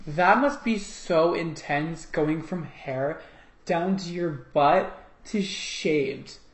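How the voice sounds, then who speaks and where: A man who works as a hairdresser, chatting and reacting to videos in an animated, gushing way. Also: a little high. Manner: animated and gushing, quick laughs. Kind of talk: casual reaction commentary. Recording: echoey room with music underneath.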